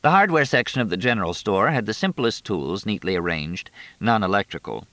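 A man reading a story aloud as narrator, in an expressive storytelling manner. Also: on the low side, brisk, no echo. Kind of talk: audiobook narration.

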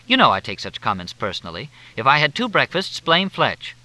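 A man's voice: mid-range voice, huge pitch swings, fairly quick, sharp tone, voice pushed up, exaggerated voice, low-quality recording. A man reading aloud, voicing a brash, wisecracking woman reporter who talks bluntly and airily. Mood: teasing. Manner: blunt, teasing, airy.

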